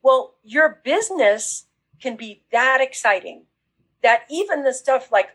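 A woman business coach talking casually in an interview, acting out excited reactions as she explains. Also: high voice, a little slow, slightly rough, poor audio. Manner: animated, acts out quoted reactions.

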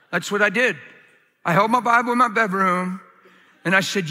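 Bright-voiced man preaching in an echoing hall. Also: moderate pace, long pauses. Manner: animated storytelling, swinging from loud shouts to low quiet asides. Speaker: pastor. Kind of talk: sermon. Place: large hall before a live audience. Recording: long echoing hall reverb.

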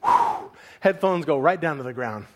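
A male pastor preaching to his church with a notably high voice. He retells the story with lively, dramatic storytelling, leaning into the drama of each scene. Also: moderate pace. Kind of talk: sermon storytelling.

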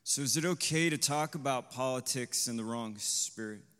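A man preaching a sermon to a congregation. He asks the listeners questions, tags on "right?", and swells to loud, emphatic peaks. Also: mid-range voice, normal speed, smooth, long reverb tail. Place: congregation hall.

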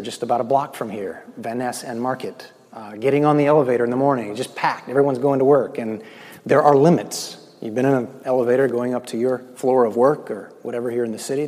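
Husky-voiced man preaching in an echoing hall. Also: medium pitch. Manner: swings between loud emphatic phrases and hushed, slow, near-whispered lines. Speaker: pastor. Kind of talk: sermon. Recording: long echo of a large hall.

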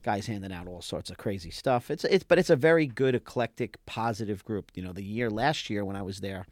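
A man's voice: lowish voice, fairly quick, no echo. A man with a New York accent, a podcast guest, telling a loose, blunt story with some swearing. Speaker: guest, event company founder.

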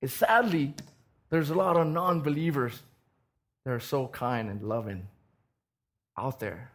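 A man preaching a sermon, telling a personal story, swinging between loud bursts and soft asides and often repeating words. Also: mid-range voice, unhurried.

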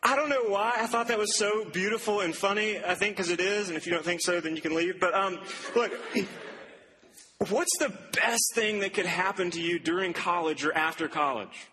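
A man's voice: high voice, normal speed, pushed and bright, a little hiss or hum. A young man preaching a sermon to students, telling a story in a loose, chatty way with asides and laughs. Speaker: campus preacher. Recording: long hall reverb, faint ambience.

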